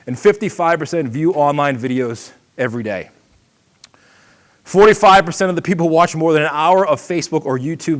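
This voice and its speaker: A middle-aged man from Boston with a Boston accent, giving a quick, energetic, conversational seminar talk. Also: fairly high pitch. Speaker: seminar presenter. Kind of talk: trade show seminar talk.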